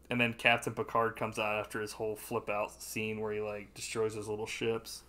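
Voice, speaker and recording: Podcast guy w/ a bright voice, swears a lot, laughs, yells out quotes. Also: on the low side, monotone, fairly quick, few pauses. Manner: profane, laughing, bursts into loud impressions. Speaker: podcast co-host. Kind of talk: casual movie chat.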